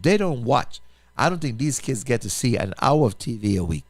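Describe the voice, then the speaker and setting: A pastor hosting a talk show, speaking, makes an impassioned appeal full of repetition and rhetorical questions. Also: male voice, medium pitch, big pitch swings, moderate pace, no room sound. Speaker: pastor and radio show host.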